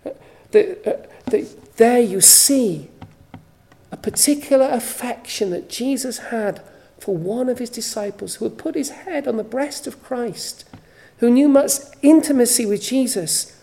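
A woman preaching a sermon at a church service, slow and emphatic, with repeated phrases for weight. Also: a little high, creaky, dark tone.

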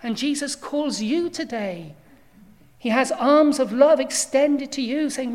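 Woman preacher, slow and earnest, somewhat high voice, pleading sermon delivery. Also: animated, darkish tone. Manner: earnest pleading with sudden rises in intensity. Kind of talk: evangelistic sermon.

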